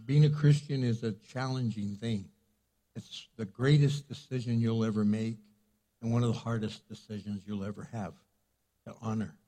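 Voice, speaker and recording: Mellow, husky older pastor. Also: male voice, fairly low pitch, steady tone, moderate pace. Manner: conversational, with frequent fillers. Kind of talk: sermon. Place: church sanctuary.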